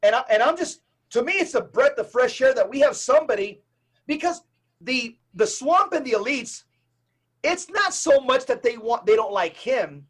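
A middle-aged man, a Catholic evangelist, speaking as a podcast guest in an emphatic, preacher-like way with rapid lists and repetitions. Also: extremely high pitch, lively intonation, a bit bright.

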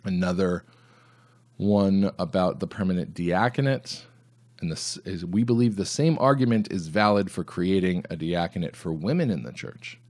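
A man's voice: sits low, moderate pace, darkish tone. A man hosting a solo commentary podcast, reading items aloud and answering them with sarcastic, mocking asides. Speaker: podcast host.

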